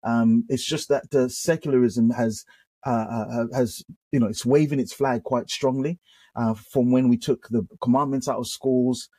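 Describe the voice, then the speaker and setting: A British pastor tells his story as a guest, restarting his sentences and picking up energy as he goes. His voice is warm and mellow with a husky edge. He is recorded close and dry. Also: mid-range voice, normal speed, dry recording. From United Kingdom. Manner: animated storyteller with frequent restarts. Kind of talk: conversational testimony.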